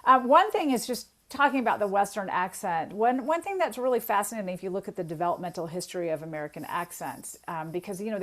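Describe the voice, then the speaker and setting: Lady expert talking through language history, steady middle pitch, calm explaining tone. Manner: thoughtful, explanatory, occasional light laugh. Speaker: sociolinguist guest.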